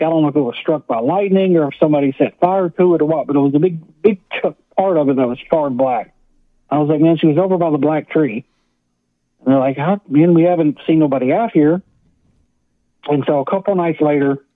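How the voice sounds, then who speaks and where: A man tells a ghost story as an interview guest, circling back with "like" and "I was like". His voice sits a little high. It comes over a thin, phone-like line with no room sound. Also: dry recording. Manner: rambling, repeats "I was like" and "like". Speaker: paranormal investigator guest.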